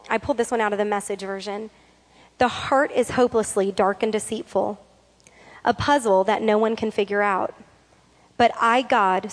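Woman preaching, earnest, fairly high voice, slow scripture reading, long hall reverb. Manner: earnest, reads scripture slowly, repeats for emphasis. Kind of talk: sermon.

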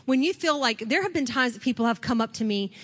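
A woman pastor preaching a sermon in a relaxed, conversational way, laughing now and then and acting out what people say. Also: on the high side, quick pace. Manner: conversational, laughs often, acts out quoted speakers.

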